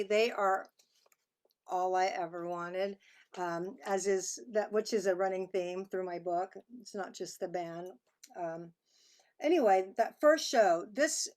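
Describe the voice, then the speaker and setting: A woman's voice: medium pitch, a little mellow. A woman musician with a Texan accent, reading from her memoir over a video call, reflective and chatty. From Texas. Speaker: musician and author.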